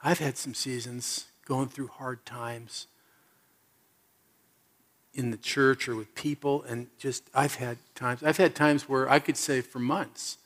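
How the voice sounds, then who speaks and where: Bright-voiced storytelling man preacher. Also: slow. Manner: storytelling, swings from loud animated bits to soft low asides. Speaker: pastor. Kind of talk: sermon.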